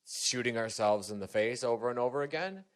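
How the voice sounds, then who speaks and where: A man hosting a casual podcast interview, asking questions haltingly with many restarts. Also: medium pitch, expressive, a little hiss or hum. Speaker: podcast host.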